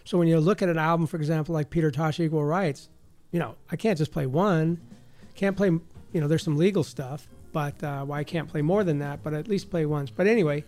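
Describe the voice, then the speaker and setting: A man's voice: on the high side, fairly quick, a little mellow, soft background music. Rambling easygoing male radio DJ. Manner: rambling, easygoing, full of asides. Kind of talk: casual radio chat. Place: community radio studio. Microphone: studio microphone.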